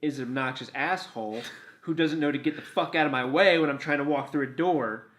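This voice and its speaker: Ranting, higher-voiced male game co-host. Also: a little fast, a bit bright. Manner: profane, ranting, laughs a lot. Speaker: co-host of a gaming countdown show. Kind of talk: casual comedic game banter.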